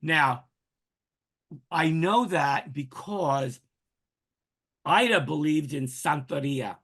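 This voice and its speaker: A man's voice: fairly high pitch, takes it slowly, husky. A man, a guest in an interview, telling personal stories in a casual way and acting out the voices of the people he quotes. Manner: animated storyteller, acts out quoted voices. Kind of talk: casual storytelling.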